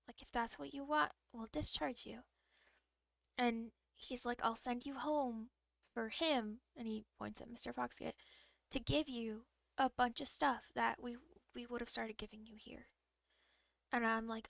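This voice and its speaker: A young woman streamer telling a long story in a rambling, halting way, often restarting her sentences. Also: a little high, fairly even intonation, creaky, fairly bright tone, no echo. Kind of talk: casual storytelling to a live stream.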